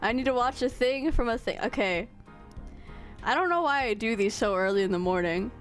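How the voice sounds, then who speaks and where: A woman's voice: fairly high pitch, expressive, soft background music. A woman streaming a game, chatting casually with her viewers and poking fun at herself. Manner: chatty, self-mocking, quick to laugh.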